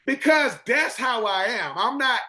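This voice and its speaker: A man in his forties, a former football player telling animated stories on a casual podcast, acting out quotes and repeating words. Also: very high voice, unhurried. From Swainsboro, Georgia.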